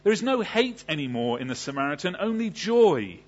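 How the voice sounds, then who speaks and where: A man's voice: on the high side, sing-song, fairly quick, lo-fi sound. A man preaching a sermon. He asks the congregation questions and then answers them. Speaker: pastor.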